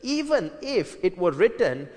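A man's voice: high voice, big pitch swings, a little slow, a little mellow, big-room sound. A man preaching an earnest Bible-teaching sermon, emphatic, with frequent fillers and restarts.

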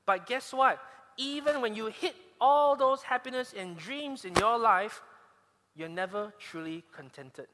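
A man's voice: sits high, animated, unhurried, bright, forceful tone, slight background noise. A man with a Malaysian English accent preaching a sermon, telling stories animatedly with frequent restarts. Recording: long hall reverb.

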